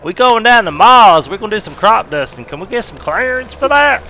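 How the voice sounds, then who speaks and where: A man's voice: high-pitched, big pitch swings, fairly quick, bright, forceful tone, voice pushed up, full character voice. A man putting on a goofy voice of a lost country redneck, hollering with an exaggerated twang. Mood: goofy, rowdy. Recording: noisy game sounds behind.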